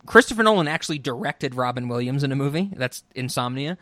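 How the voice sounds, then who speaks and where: A man's voice: medium pitch, lively intonation, fast talker, sharp tone, dry recording, clean studio sound. A man co-hosting a podcast, chatting casually and animatedly, often swearing and acting out quotes. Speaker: podcast co-host. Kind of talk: casual chat.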